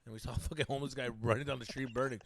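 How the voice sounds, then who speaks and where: A man's voice: mid-range voice, steady tone, rapid-fire, vocal fry. A young man co-hosting a casual podcast, telling crude, jokey stories and dropping in Spanish words. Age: young adult. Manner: loud, crude, jokey storyteller who mixes in Spanish words. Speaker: podcast co-host. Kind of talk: casual chat.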